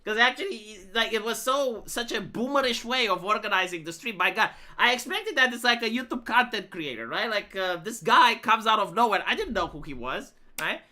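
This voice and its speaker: A woman's voice: a little high, lively intonation, fairly quick, few pauses, pushed and bright. A woman live streamer telling a rambling, profane story in casual chat, full of fillers and restarts. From Romania.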